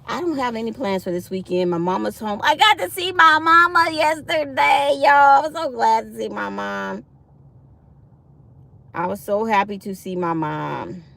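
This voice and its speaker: Gravelly-voiced woman chatting to viewers. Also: a little high, animated, normal speed, bright, forceful tone. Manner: chatty, laughs hard, addresses viewers as y'all. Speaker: livestream host. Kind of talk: casual livestream chat.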